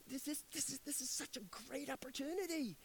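A man's voice: very high-pitched, a little fast, slight background noise, voice pushed up. A man voicing an anxious adult male disciple who pleads urgently and with exasperation. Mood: exasperated.

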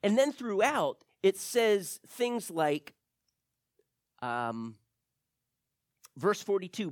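A man preaching a sermon as pastor, reading scripture aloud with emphatic stresses and soft drops. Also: sits high, sing-song, drawn-out words, pauses often, no room sound, studio quality.

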